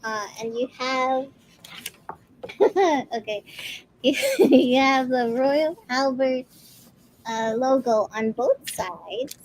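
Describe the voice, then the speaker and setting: Giggly high-voiced woman selling live. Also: lively intonation, drawn-out words, long pauses, a little mellow, rough recording. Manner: giggly, often breaking into laughter. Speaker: live-stream seller. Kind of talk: casual live-sale chat.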